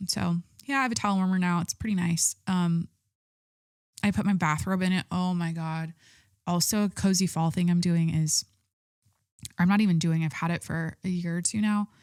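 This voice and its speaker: A woman's voice: lowish voice, dry recording, clean studio sound. A woman in her thirties hosting a solo podcast, chatting casually and rambling, with frequent swearing and filler words. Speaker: podcast host.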